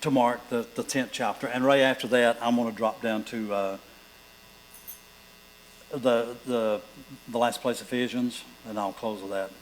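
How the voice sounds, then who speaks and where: A man's voice: mid-range voice, steady tone, unhurried, pauses often, rough recording. Man preaching with a hum behind. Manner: preaching with rising fervor, reading scripture aloud. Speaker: pastor. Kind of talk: sermon.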